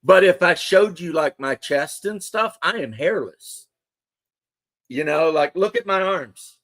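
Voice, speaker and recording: A man's voice: fairly high pitch, lively intonation, a little slow, fairly bright tone. A man in his thirties hosting a livestream, chatting loosely and joking with viewers. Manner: loose, rambling, joking banter. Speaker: livestream host. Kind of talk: casual chat to stream viewers.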